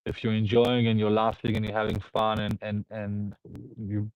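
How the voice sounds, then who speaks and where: A man's voice: fairly low pitch, little pitch movement, normal speed, darkish tone, smooth, dry recording. A man hosting a live stream, rambling through viewer comments, laughing and repeating himself. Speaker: host. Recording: dull, dry lo-fi sound.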